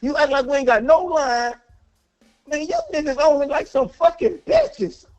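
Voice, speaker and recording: A man's voice: very high voice, normal speed, faint music behind. A man calling in to a sports talk show, angry and worked up, ranting with a lot of profanity and repeating himself. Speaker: caller. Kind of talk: heated call-in rant. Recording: dull lo-fi call audio.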